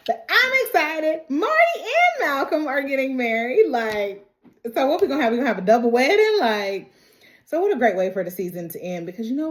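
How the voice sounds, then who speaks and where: A woman vlogger recaps a TV episode in a loose, chatty way. Her voice sits a bit high and swings widely in pitch as she laughs her way through the story. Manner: animated, laughs often, retells scenes with quick voices. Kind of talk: casual TV recap.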